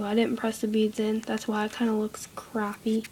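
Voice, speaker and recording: A woman's voice: on the high side, level tone, moderate pace, dark tone, poor audio. A teenage girl half-whispering a casual craft tutorial at home, apologetic and easily irritated. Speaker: craft video maker. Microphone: iPod camera close by. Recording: faint background noise.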